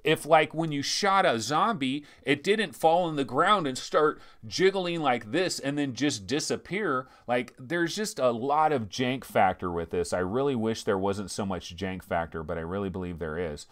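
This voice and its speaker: A man's voice: medium pitch, animated, moderate pace, few pauses, fairly bright tone. A man hosting a VR game show, giving a casual, slangy and ranting game review.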